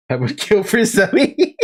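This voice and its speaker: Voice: mid-range voice, wildly swooping pitch, very slow. A streamer chatting casually and playfully while playing a game, laughing often and swearing.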